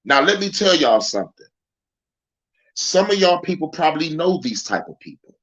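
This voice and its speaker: A man's voice: on the high side, big pitch swings, normal speed, a bit bright, highs cut off. A man hosting a casual livestream, ranting and rambling in heated, profane commentary. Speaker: livestream host. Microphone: phone.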